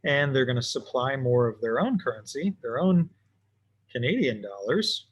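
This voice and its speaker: A man teaching economics in a relaxed, offhand way, thinking aloud as he sketches graphs for an online class. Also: mid-range voice, moderate pace, slightly rough, lo-fi sound. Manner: casual, talks to himself while drawing. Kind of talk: recorded lesson while sketching graphs.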